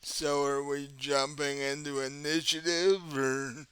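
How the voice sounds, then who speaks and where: A man running a tabletop game as game master, explaining the scene slowly and chuckling often. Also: a little high, flat delivery, fairly bright tone, clean tone, dry recording.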